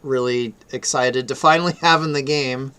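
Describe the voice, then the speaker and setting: A man's voice: medium pitch, fairly even intonation, normal speed, bright, forceful tone, smooth. An American man hosting a live stream, chatting casually about his fan game and laughing often. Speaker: stream host and game developer.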